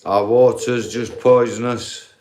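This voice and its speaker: Man, live-stream rant, unhurried and sweary. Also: mid-range voice, fairly even intonation, darkish tone. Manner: profane, laughs at own points, addresses viewers as guys. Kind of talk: ranting live-stream monologue.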